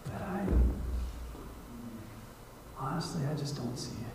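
A man's voice: fairly high pitch, animated, measured pace, heavy background noise. Man preaching in an echoey church. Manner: conversational, acts out prayers and dialogue, swings from hushed to loud. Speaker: guest missionary preacher. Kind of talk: sermon. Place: church sanctuary. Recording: echoey church hall, mic at a distance.

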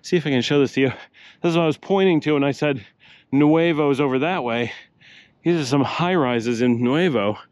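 An older man, a travel vlogger, rambles chattily as he narrates a walking tour on city streets outdoors, a little out of breath with a slight cough. He speaks a little fast in a darkish, mid-range voice, and the recording is dry.

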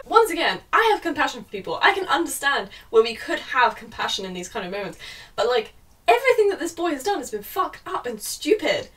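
A woman's voice: high-pitched, sing-song, a little fast, fairly bright tone, distant mic. Exasperated sweary young woman. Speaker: book reviewer. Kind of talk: ranting book review vlog.

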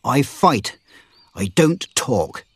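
A man's voice: mid-range voice, very animated, drawn-out words, husky, dry recording, heavily acted. A man voicing a proud, tough young swordsman who talks in a blunt, defiant way.

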